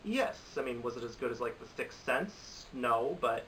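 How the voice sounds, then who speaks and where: A man's voice: mid-range voice, fairly even intonation, moderate pace, bright, forceful tone. A young man reviewing movies in a casual, opinionated vlog, rambling and restarting his sentences. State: has a cold. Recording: slightly distant mic with faint hiss.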